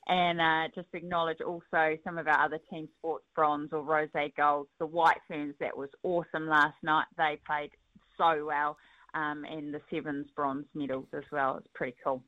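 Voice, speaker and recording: A woman, a guest in a casual interview, speaking haltingly with many ums and uhs. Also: deep voice, level tone, no echo, lo-fi sound.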